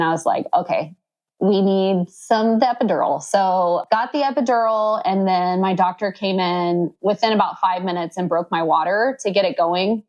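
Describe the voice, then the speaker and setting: A woman in her thirties telling her birth story as a podcast guest, chatty, full of fillers, and acting out what others said with sudden jumps up in pitch. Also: a little mellow, rough recording. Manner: acts out quoted dialogue with sudden high pitch jumps. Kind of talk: casual storytelling.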